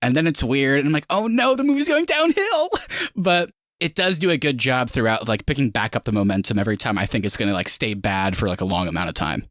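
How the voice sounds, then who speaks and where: A man's voice: on the low side, quick pace, few pauses, a bit bright, dry recording, studio quality. A man co-hosting a casual film review chat, rambling and leaning on "like" as he acts out scenes. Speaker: podcast co-host.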